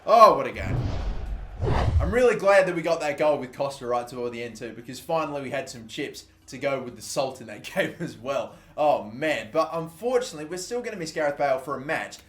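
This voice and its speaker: A young man giving live commentary over a football video game, excitable and swearing loudly at the game. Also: medium pitch, quick pace, hardly any pauses, slight background noise. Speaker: gaming YouTuber.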